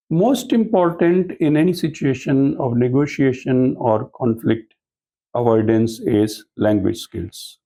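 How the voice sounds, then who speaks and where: Gravelly-voiced man lecturing on negotiation. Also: medium pitch, mellow, rough recording. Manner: explanatory, asks the audience rhetorical questions. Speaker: speaker at a corporate training talk. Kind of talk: lecture to business professionals.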